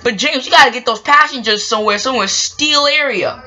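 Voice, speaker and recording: Woman voicing an excitable, alarmed engine. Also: a little high, brisk, slight background noise, pitched above the performer's own voice. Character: male engine, quick to alarm.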